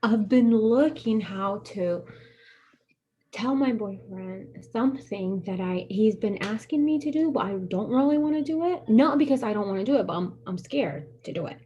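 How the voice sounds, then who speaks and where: A woman chatting casually with a friend, telling animated stories and acting out what people said. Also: fairly high pitch, moderate pace, slightly rough, muffled recording. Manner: animated storyteller, acts out quoted voices, laughs often. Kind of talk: casual chat.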